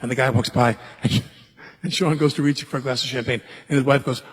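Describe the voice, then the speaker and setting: Animated man telling a party story. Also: mid-range voice, brisk, husky. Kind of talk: anecdote on a talk show.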